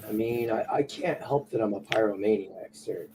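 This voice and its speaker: A man's voice: lowish voice, moderate pace, noisy background. A man in casual voice chat, playful and self-mocking.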